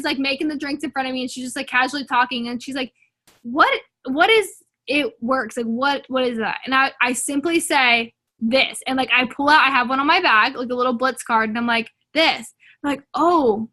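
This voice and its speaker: A woman's voice: sits high, pushed and bright. Young woman, team leader, casual motivational chat with lots of "like", upbeat and pushy, video-call mic. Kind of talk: casual pep talk.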